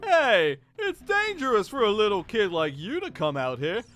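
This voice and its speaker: A man's voice: sits high, sing-song, normal speed, a bit bright, soft background music, voice pushed up. A man doing a cheeky little rock kid.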